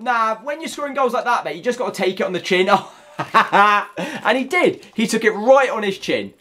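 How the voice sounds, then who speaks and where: A young man giving excitable, jokey live commentary over a football video game, often bursting into shouts. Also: sits high, moderate pace, a little hiss or hum. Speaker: gaming YouTuber.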